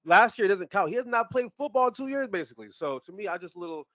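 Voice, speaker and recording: A man's voice: sits high, quick pace, no echo, dull audio. A man co-hosting a sports podcast, talking casually with lots of swearing and laughter. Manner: animated, profane, laughs often. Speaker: podcast co-host.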